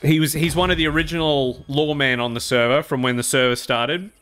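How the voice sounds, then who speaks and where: A man streaming a roleplay game, chatting casually with viewers, animated and laughing often as he thanks them. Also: fairly high pitch, fairly quick, clear, resonant tone.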